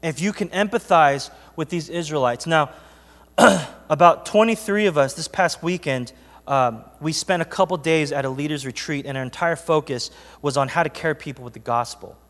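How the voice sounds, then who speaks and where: A man's voice: on the high side, normal speed, a bit bright, big-room sound. A man preaching an earnest, conversational sermon to his congregation and reading scripture aloud. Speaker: pastor. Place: church sanctuary.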